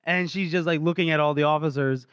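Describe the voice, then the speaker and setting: A man's voice: a little high, fairly even intonation, fast talker, fairly bright tone, clean tone, no room sound. A man co-hosting a podcast, chatting casually about a book and retelling scenes. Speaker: podcast co-host.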